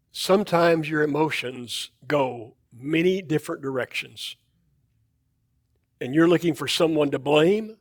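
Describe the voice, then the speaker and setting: A man's voice: fairly high pitch, measured pace, long pauses, no room sound, studio quality. A man preaching a sermon in a church, talking in a loose, conversational way and often repeating and restarting words. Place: church auditorium.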